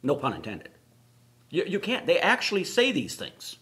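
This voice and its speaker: A man's voice: a little high, wildly swooping pitch, normal speed, fairly bright tone. A man co-hosting a political talk show, indignant and mocking. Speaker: show co-host. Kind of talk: political commentary chat.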